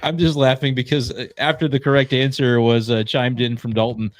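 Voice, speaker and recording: Fast-talking man co-hosting sports talk. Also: mid-range voice, fairly even intonation, no room sound, studio quality. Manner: quick, chatty, using fillers like "like". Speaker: sports show co-host. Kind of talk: casual sports radio chat. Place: radio studio.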